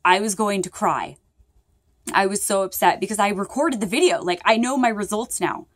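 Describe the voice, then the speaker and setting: A woman's voice: mid-range voice, moderate pace, no echo. Upset young woman vlogging from bed. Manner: rambling, upset and apologetic, many "like"s. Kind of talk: casual vlog talk to viewers. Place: bedroom, lying in bed.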